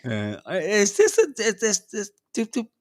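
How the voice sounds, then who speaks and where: A man's voice: high-pitched, wildly swooping pitch, normal speed, darkish tone, no room sound, studio quality. A man co-hosting a podcast, trading crude jokes and laughing as he talks. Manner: sweary, laughing banter. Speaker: podcast co-host. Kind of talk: casual chat.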